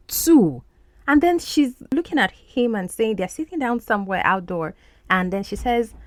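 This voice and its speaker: A woman who hosts a podcast, explaining film clips as an English lesson and repeating words slowly to model pronunciation. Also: medium pitch, no room sound. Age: adult. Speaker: podcast host and English teacher.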